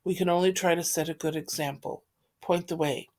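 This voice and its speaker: Brief: woman reader voicing a patient father figure, gentle and steady. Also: fairly low pitch, a little fast, natural voice. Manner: calm, soothing.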